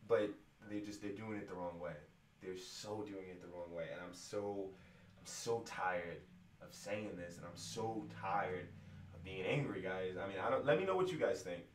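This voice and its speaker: A man's voice: low voice, a little fast, a little hiss or hum. A man and musician venting to his viewers in a casual rant, frustrated and profane, rambling with restarts. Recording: echoey room, distant from mic.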